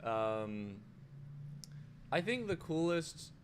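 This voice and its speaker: A man, a guest in a casual live-stream interview, talking in halting bursts with restarts and casual swearing. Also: on the high side, very animated, a little hiss or hum. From United Kingdom. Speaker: guest, former streaming platform engineer.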